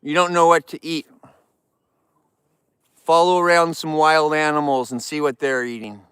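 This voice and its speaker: A man's voice: a little high, steady tone, moderate pace, a bit bright, smooth, dry recording. Upbeat rambling man outdoors. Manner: rambling, upbeat, talks straight to viewers. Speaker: outdoor livestream host. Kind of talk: casual live vlog chat. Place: outdoors in the wild.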